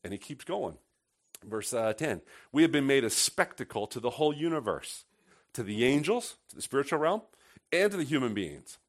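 A male pastor delivering a sermon with a lively, swooping pitch. He talks to the congregation like a conversation, drops to near-murmurs, then rises to loud, sarcastic emphasis. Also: normal speed. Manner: animated, swings from hushed to loud and sarcastic; conversational, asks the congregation rhetorical questions.

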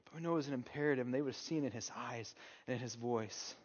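A man preaching a sermon as pastor, moving from hushed, slow passages to loud, urgent calls. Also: mid-range voice. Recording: dull long-reverb hall sound.

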